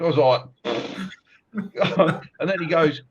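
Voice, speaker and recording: Animated man, dull lo-fi sound. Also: fairly high pitch, moderate pace, slightly rough. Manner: animated storyteller, laughs often. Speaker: podcast host, martial arts coach. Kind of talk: casual chat.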